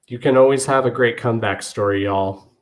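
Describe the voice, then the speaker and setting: A man's voice: mid-range voice, moderate pace. A man hosting his podcast, speaking earnestly and emotionally to his listeners, often repeating "y'all". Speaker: podcast host. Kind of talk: heartfelt podcast monologue.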